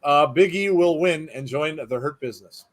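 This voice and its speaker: A slightly high-voiced man hosts a live watch-along stream. He chats loosely and cracks jokes, riffing on viewer comments as they come in. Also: moderate pace, a little hiss or hum. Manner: chatty, jokey, reads viewer comments aloud.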